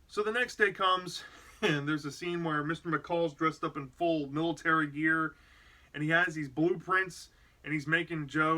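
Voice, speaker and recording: A man casually retelling an episode's plot, chatty and relaxed with frequent fillers. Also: on the high side. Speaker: episode reviewer. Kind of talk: casual spoken episode recap.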